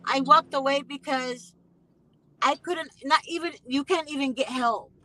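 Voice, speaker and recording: A woman's voice: sits high, a little slow, pushed and bright, poor audio. A woman hosting a casual conversation, speaking emphatically and repeating phrases with indignation. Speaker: host.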